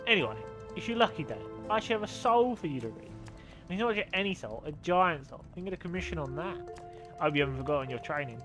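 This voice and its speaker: A man voicing a gruff male crow boss with a put-on Cockney accent, reading game dialogue aloud, blunt and chummy. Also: fairly high pitch, animated, fast talker, over music, lightly acted. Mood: grumbling, bossy.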